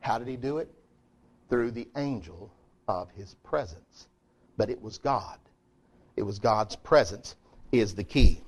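A middle-aged man preaching a sermon in a folksy, emphatic way, swinging between loud declarations and quiet asides. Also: lowish voice, unhurried, long pauses, slightly rough.

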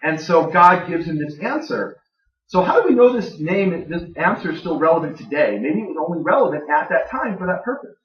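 A man's voice: on the high side, big pitch swings, a little fast. A man giving a conversational Bible teaching to a live audience, plain-spoken with dry jokes. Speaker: Bible teacher speaking to a gathering. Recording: dull, echoey room recording from far off.

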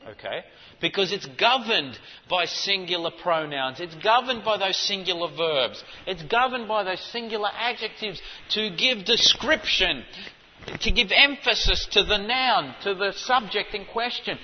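A man preaching a sermon, teaching in an emphatic way and rising to forceful stresses. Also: sits high, lively intonation, a little slow, a little hiss or hum. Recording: dull audio with long hall reverb.

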